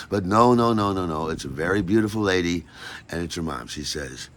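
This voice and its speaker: An older man telling a personal story in an animated way, acting out every voice and lingering on words. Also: deep voice, moderate pace.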